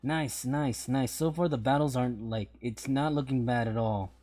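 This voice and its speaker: A man's voice: mid-range voice, normal speed, dark tone, soft background music. A man streaming a mobile game, rambling through casual commentary and often repeating himself.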